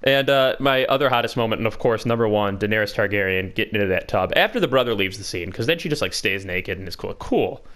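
A man co-hosting a podcast, joking in casual banter and moving between quick riffs and slow drawls. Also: on the low side, lively intonation, fairly bright tone. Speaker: podcast co-host.

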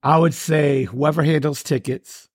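A man's voice: on the high side, fairly even intonation, unhurried, no echo, clean studio sound. A man co-hosting a podcast, giving short reactions and brief considered answers in casual chat. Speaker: podcast co-host.

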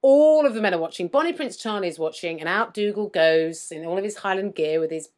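Woman, podcast co-host, lively swooping voice, mid pitch, acts out lines while retelling. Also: a little fast. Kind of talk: casual chat recapping a TV episode.

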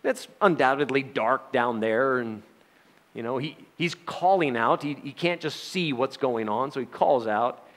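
A man's voice: mid-range voice, measured pace, fairly bright tone. A man preaching a sermon in a folksy, joking manner, with frequent laughs.

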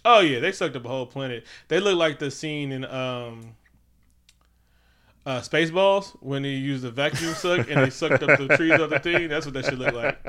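A man with a bright, forward voice chats loosely about a film, rambling and swearing as he goes. He is animated and keeps slipping into quick impressions of the characters. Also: mid-range voice. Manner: animated, profane, slips into impressions. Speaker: podcast co-host. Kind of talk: casual movie review chat.

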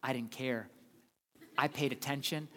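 Joking preacher in a reverberant hall. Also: male voice, medium pitch, steady tone, unhurried, noisy background. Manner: conversational and joking, swings between loud and hushed. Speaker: pastor. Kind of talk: sermon.

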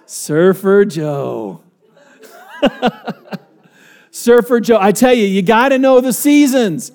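A man's voice: high voice, expressive, slow, a little mellow. A male pastor preaching a sermon in a conversational, storytelling way, asking the congregation questions.

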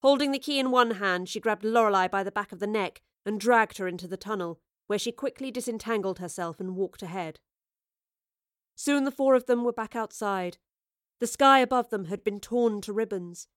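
A woman reads fantasy prose aloud with a steady, expressive storyteller's delivery, her voice in the middle of the usual pitch range. The recording is dry and close, with no room sound. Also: moderate pace, no echo. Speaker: audiobook narrator. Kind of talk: scripted narration.

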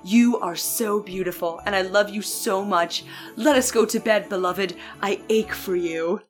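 A woman's voice: mid-range voice, a little slow, soft background music, natural voice. A woman voicing a tender male elf lover while reading fanfiction aloud.

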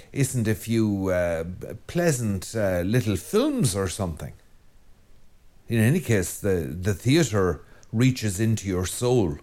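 An Irish priest giving a Sunday homily in a conversational, digressive way, repeating phrases for emphasis. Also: male voice, medium pitch, a little mellow.

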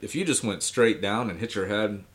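A man who is a guest poet on a podcast, speaking in a halting, casual way and swearing freely. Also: lowish voice, a crowd in the background. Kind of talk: casual conversation.

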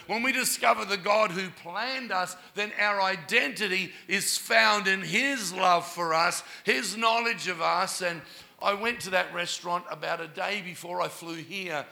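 Aussie pastor guy preaching, bright sharp voice, bit of grit in it, acts out all the quotes. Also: sits high, creaky. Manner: animated preacher, acting out quoted dialogue. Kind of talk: sermon with storytelling.

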